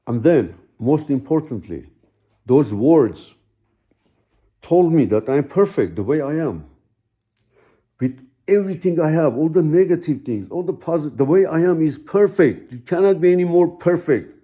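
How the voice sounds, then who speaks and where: A middle-aged man telling a personal story slowly and haltingly, searching for words with many fillers. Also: on the high side, animated, dark tone. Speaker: guest telling his own story.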